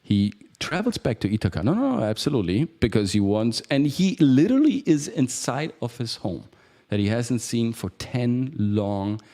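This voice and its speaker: A man hosting a casual live stream, retelling a Greek myth in an animated, theatrical way with many "right?" asides and an Italian accent. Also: medium pitch, normal speed. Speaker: acting coach and show host.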